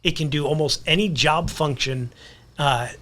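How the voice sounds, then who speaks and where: A man's voice: on the high side, moderate pace, sharp tone. A man guesting on a podcast, talking earnestly in a casual conversation and repeating words as he builds a point.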